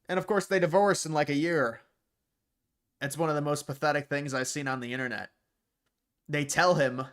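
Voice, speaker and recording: A man's voice: fairly high pitch, fairly even intonation, brisk, pauses often. Blunt, sarcastic man ranting on a livestream. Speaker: livestream host. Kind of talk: casual livestream commentary.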